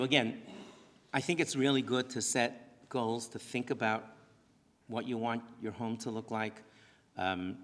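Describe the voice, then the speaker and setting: A man's voice: medium pitch, a bit bright. Earnest guy giving a talk in a synagogue, keeps restarting his sentences, big echoey hall sound. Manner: earnest, talks in restarts and asides. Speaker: rabbi giving a presentation. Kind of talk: lecture to parents. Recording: long hall reverb.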